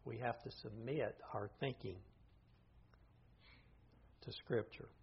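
A man's voice: medium pitch, steady tone, slow pace, gravelly, husky. An older man teaching an informal Bible study class, plain-spoken and thinking aloud as he goes. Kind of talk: informal lecture to a group. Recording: dull lo-fi recording.

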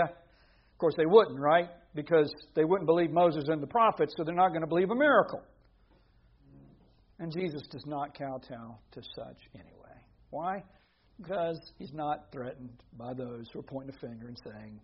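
A man preaching a sermon in a conversational way, with rhetorical questions, dropping to a hush and then rising to emphatic points. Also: a little high, expressive, normal speed, slightly rough, highs cut off.

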